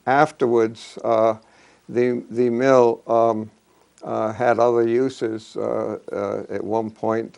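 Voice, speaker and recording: An older man telling local history and childhood memories in a halting way, full of fillers and restarts. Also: fairly low pitch, creaky, darkish tone. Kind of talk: reminiscing talk.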